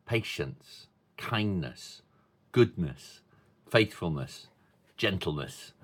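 Slow, lively man preaching. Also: fairly low pitch. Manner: slow, thoughtful, conversational preaching with playful asides. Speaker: pastor. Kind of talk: sermon to a congregation with children.

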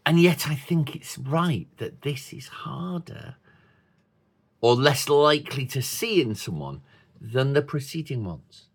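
A man preaching a sermon to a congregation with children, in a slow, thoughtful, conversational way with playful asides. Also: medium pitch, lively intonation, husky. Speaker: pastor.

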